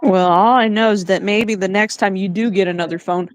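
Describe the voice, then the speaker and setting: A woman chatting casually on a home livestream, teasing her co-host and telling animated stories with frequent laughs. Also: mid-range voice, fairly quick, no room sound. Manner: teasing, animated storyteller who laughs often.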